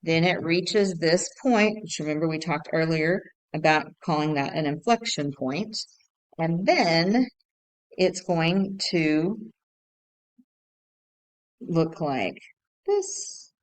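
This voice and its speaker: A woman's voice: low-pitched, takes it slowly, pauses often, poor audio. A woman teacher talking students through math notes patiently, repeating key points and thinking aloud with fillers. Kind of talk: recorded lesson walkthrough.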